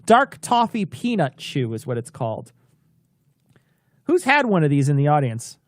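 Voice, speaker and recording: Male co-host, high and lively voice, dry close sound; loose, laughing stream banter. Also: moderate pace, dry recording. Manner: animated, laughing, swearing, trailing restarts. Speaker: co-host of a live-stream show. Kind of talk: casual comedic chat.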